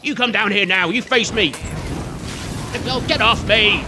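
A man's voice: high-pitched, measured pace, noisy background. A man giving chatty, jokey let's-play commentary and scolding the enemies on screen. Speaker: gaming video host.

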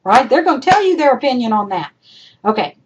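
A woman instructor gives recorded feedback to her class over a computer mic, in a voice pitched a little high. She speaks directly and chattily, repeating each point to drive it home. Her voice is starting to go hoarse. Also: very animated, brisk, muffled recording, a little hiss or hum. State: voice going hoarse. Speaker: college instructor. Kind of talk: recorded lecture feedback over screen demo.

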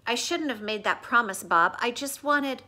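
A woman reading the lines of a gentle, weary male silverback gorilla from a storybook, quiet and downcast. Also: on the high side, animated, normal speed.

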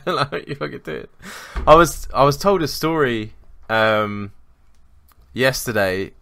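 A man's voice: medium pitch, animated, takes it slowly, gravelly, fairly bright tone, dry recording, clean studio sound. A man co-hosting a podcast, telling a rambling work story in casual chat, swearing and laughing as he goes. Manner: rambling, swearing, laughs at his own stories. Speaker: podcast co-host.

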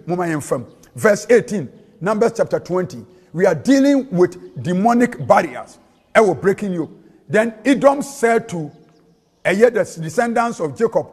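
Ghanaian pastor guy preaching, high voice, singsongy, big echoey church hall. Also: big pitch swings, moderate pace. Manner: mixes in local-language phrases, sing-song preaching cadence. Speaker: prophet and preacher. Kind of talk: sermon. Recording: long hall reverb.

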